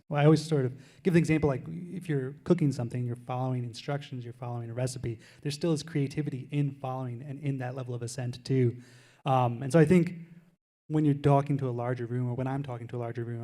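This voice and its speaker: A man's voice: medium pitch, warm tone. A man who teaches, speaking on a college panel in a thoughtful way, qualifying his points as he goes. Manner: quick, thoughtful, qualifying remarks.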